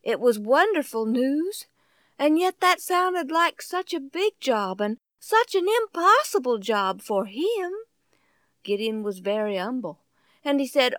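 Animated woman telling a Bible story. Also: high-pitched, a little slow, no echo. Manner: animated, exclamatory, folksy.

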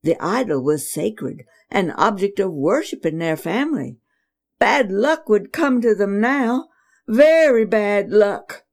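A woman reading a children's story aloud, expressive with dramatic pauses. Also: medium pitch.

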